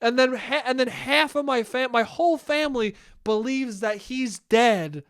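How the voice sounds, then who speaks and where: A man's voice: very high voice, a little slow, a bit bright, clear, resonant tone, dry recording, clean studio sound. A young man hosting a casual solo podcast, rambling and swearing freely in an amused tone. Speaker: podcast host.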